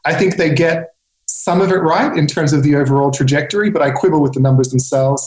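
A man's voice: medium pitch, a little mellow. Male guest, conversational and opinionated, recorded in an echoey room. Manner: chatty, opinionated, with fillers. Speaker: guest film editor. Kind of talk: casual podcast chat.

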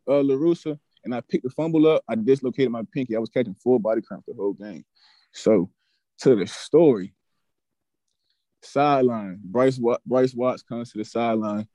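A young man in his twenties, a podcast guest telling a story in a casual, animated, profane way that turns heated. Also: medium pitch, no echo. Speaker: podcast guest, former college football player.

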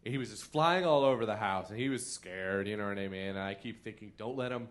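A man's voice: lowish voice, brisk. A man doing comic storytelling on a podcast, laughing mid-sentence and acting out quotes with big jumps in voice. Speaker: comedian guest. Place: theater stage.

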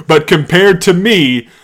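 Man ranting and laughing at his own jokes. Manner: swings between loud mocking bits and low muttered asides, laughs at own jokes. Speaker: podcast host. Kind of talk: solo comedic rant. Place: home basement.

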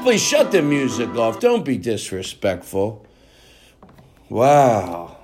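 A man's voice: mid-range voice, very animated, slow pace, a little mellow, soft background music. A man hosting his own show, rambling and cursing in loose comedic banter, now and then singing off-key. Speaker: show host.

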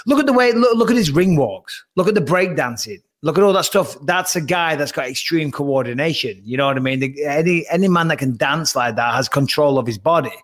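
A man in casual podcast chat, breaking down a fight in an animated, emphatic way and swearing freely. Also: fairly high pitch, brisk, hardly any pauses.

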